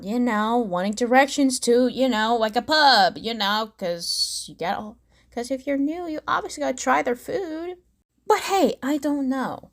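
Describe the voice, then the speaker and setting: A woman's voice: high-pitched, a bit bright. A woman hosting a reaction commentary video, chatty and sarcastic, with lots of fillers. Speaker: commentary vlogger.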